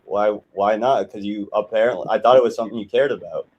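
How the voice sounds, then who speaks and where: A man's voice: lowish voice, fast, muffled recording. A man with an American accent hosting a live stream, pressing his point in an argumentative way. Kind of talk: heated live-stream debate.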